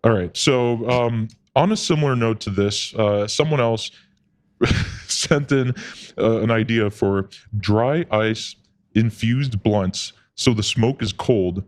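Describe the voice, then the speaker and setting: Laughing, hesitant low-voiced male co-host. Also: slow. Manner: laughing, hesitant, steering talk back on track. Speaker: podcast co-host. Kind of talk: casual podcast chat.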